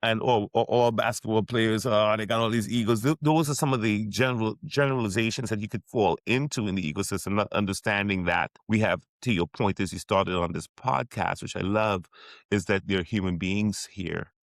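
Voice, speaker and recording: Middle-aged man from Trinidad and Tobago, sports psychiatrist guest, low and gravelly, reflective and halting. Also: steady tone, no echo. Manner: reflective, with frequent restarts and fillers. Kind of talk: podcast interview.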